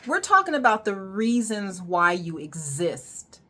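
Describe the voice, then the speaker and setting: A woman's voice: medium pitch, sing-song, a little slow, fairly bright tone. A woman wellness coach giving an emphatic, repetitive motivational monologue with casual swearing.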